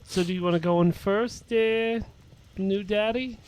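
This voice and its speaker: A man with a fairly high voice plays a tabletop game. He keeps asking the game master questions about the scene in a curious, plain way. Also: steady tone, unhurried, slight background noise. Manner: inquisitive, asking for details. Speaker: player.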